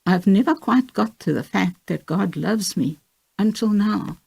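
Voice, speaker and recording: A woman's voice: medium pitch, lively intonation, unhurried, vocal fry, dark tone, breathy edge, exaggerated voice. A woman reading a young woman with cancer, heartfelt and teary, in an audiobook of a memoir. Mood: reflective.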